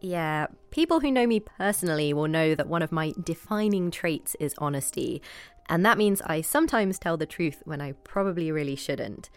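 A woman co-hosting a podcast, speaking in a thoughtful, even way. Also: sits low, moderate pace, clean tone, soft background music. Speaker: podcast co-host. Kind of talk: scripted podcast discussion.

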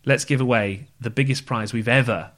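A man's voice: mid-range voice, moderate pace, a bit bright. A man co-hosting a podcast in casual, wry chat. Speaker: podcast co-host.

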